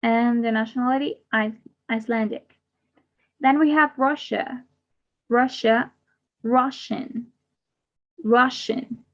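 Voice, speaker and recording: A woman teaching an English class online, slowly repeating each word twice in a drilled, deliberate way. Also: on the high side, steady tone, a bit bright. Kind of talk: slow drilled pronunciation lesson. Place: online class, speaking to a camera. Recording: slightly dull lo-fi audio.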